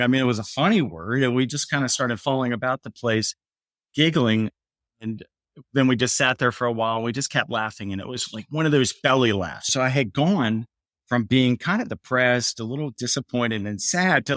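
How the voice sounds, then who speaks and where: A man's voice: medium pitch, fairly quick, fairly bright tone, no room sound, clean studio sound. A middle-aged man, a podcast guest, earnestly telling a personal story and lifting his voice when quoting others.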